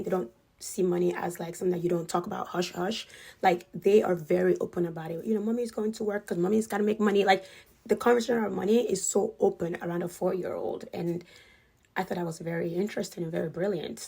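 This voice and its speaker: A woman's voice: on the low side, creaky, mellow, breathy edge. A woman telling a casual, chatty story, filling her sentences with "like". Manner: chatty, leans heavily on "like" as a filler. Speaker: storyteller sharing experiences with a wealthy family.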